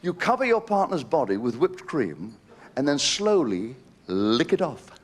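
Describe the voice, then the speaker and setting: A man's voice: mid-range voice, big pitch swings, unhurried. A man doing a live stand-up routine, telling cheeky stories and throwing asides to the audience. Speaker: stand-up comedian. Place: live show venue. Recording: noisy live stage recording.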